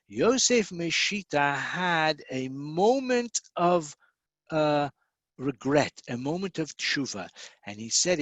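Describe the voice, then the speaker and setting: An American man, perhaps middle-aged, giving a recorded Torah lecture, explaining patiently, spelling out terms and pausing with fillers. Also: on the high side, very animated, fairly bright tone, no echo. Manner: explanatory, spells out words, many fillers and restarts.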